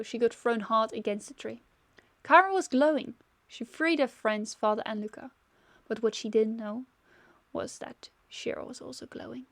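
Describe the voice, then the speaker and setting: A woman's voice: fairly high pitch, no echo. Casual woman reading her own story. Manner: casual, self-correcting reader.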